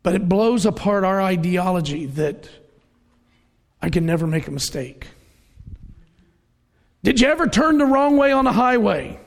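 Middle-aged male preacher, high and gravelly, chatty storytelling sermon. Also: animated, unhurried, pauses often. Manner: conversational, storytelling, acts out quoted voices. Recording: reverberant hall.

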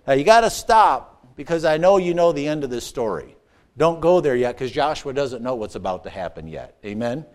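A man preaching a sermon, with playful asides, call-and-response questions, and swings between excited shouts and hushed, earnest passages. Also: mid-range voice, normal speed. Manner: rises to excited shouts, drops to hushed tones. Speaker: pastor.

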